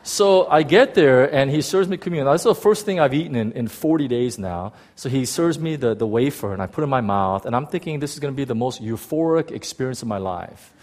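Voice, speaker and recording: A male pastor giving a testimony in a sermon, animated and full of restarts, swinging from loud bursts to hushed tones. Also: medium pitch, a little fast, hardly any pauses.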